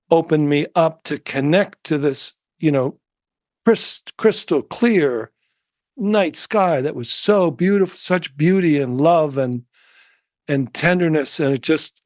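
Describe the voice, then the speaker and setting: A soft-spoken man of middle age recalls and reflects, trailing off and restarting as he searches for words. His voice sits a little high for a man, and the sound is dry, with no room around it. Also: no room sound. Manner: soft-spoken, musing, many fillers and restarts. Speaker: interview guest, meditation teacher. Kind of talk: reflective storytelling.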